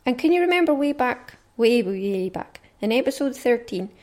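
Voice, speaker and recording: Scottish lady hosting her podcast, chatty and upbeat, voice a bit on the high side. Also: expressive, moderate pace, a little mellow. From Scotland. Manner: chatty, cheerful and enthusiastic. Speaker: podcast host. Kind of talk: casual podcast chat.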